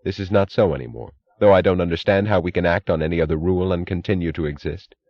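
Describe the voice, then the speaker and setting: Here a man with a deep voice voices a resolute female railroad executive, pleading with careful, restrained wording at a quick pace. The sound is dry and dull, without any echo.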